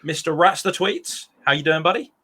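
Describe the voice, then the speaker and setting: A man's voice: on the high side, lively intonation, moderate pace, bright, forceful tone. A young man hosting a casual podcast with jokey, mock-formal banter. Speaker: stand-in podcast host.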